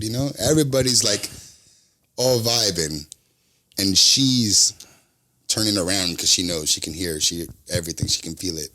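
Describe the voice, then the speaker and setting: A young man telling a work story on a casual podcast, animated and acting out the people in it. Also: normal speed, a little hiss or hum. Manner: animated, acts out customers in high voices. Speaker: podcast co-host.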